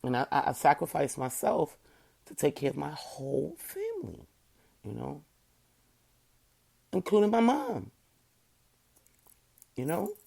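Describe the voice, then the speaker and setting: A woman's voice: low voice, sing-song, measured pace, vocal fry, long pauses, dark tone, slightly rough. A woman, talking earnestly to her viewers and saying "you know" over and over. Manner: emphatic, repeats "you know" often. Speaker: online show host. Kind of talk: casual heartfelt talk to viewers.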